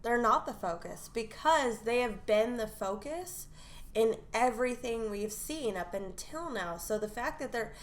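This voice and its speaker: A woman's voice: on the high side, lively intonation, measured pace. Opinionated woman on a podcast panel. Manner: opinionated, playful. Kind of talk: casual panel chat.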